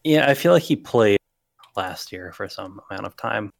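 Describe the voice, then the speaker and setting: A young man with a fairly low voice co-hosts a casual sports podcast. He talks in a laid-back, dry way and lets his sentences fade out quietly. The sound is close and dry. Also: lively intonation, moderate pace, creaky, dry recording. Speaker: podcast co-host.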